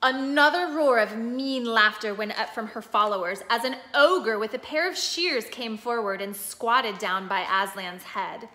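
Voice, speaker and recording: A woman reading a storybook aloud with steady, expressive storytelling, now and then stopping to explain a picture. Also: fairly high pitch, measured pace, hardly any pauses. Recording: echoey room.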